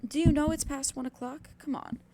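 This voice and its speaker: Cranky scolding husband from an old novel read out by a woman, gravelly, kinda loud. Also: high voice, fairly even intonation, brisk, a little hiss or hum, voice pushed up. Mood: irritable. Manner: impatient, scolding. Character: irritable bossy husband, man in middle age.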